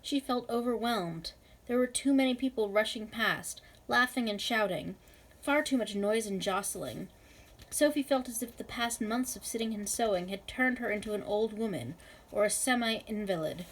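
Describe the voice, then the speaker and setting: A woman reading a novel aloud in a measured, expressive way. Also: on the high side, rough recording. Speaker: reader.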